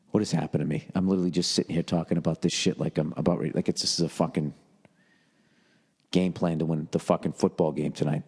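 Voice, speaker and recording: A man in his forties riffs through a comedy podcast, swearing freely and wandering from one joke to the next. His voice sits on the low side, and the recording carries a long, lingering reverb. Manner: profane, rambling, jokey, lapses into mock yelling. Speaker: podcast host reading and answering listener emails. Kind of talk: rambling comedic podcast monologue.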